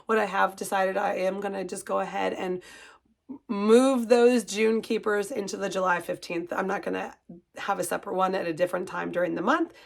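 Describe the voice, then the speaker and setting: A woman's voice: mid-range voice, steady tone, fairly quick, creaky. A middle-aged woman who runs a cross-stitch shop, chatting casually to her viewers in an emotional, gushing way and holding back tears. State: tearful, composing herself. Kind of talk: casual chat to camera.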